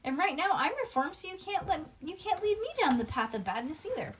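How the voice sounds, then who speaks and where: Brash naughty little girl from a storybook, loud and bragging, read by a woman. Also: very high-pitched, very animated, fairly quick, slight background noise, voice pushed up. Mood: prim. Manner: brash, boastful. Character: bold naughty young schoolgirl.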